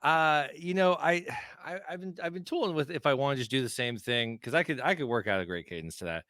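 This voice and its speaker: A man's voice: mid-range voice, a little fast, fairly bright tone, dry recording, clean studio sound. A man co-hosting a sports podcast in a casual chat, with a wry, sarcastic, cheeky manner. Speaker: podcast co-host.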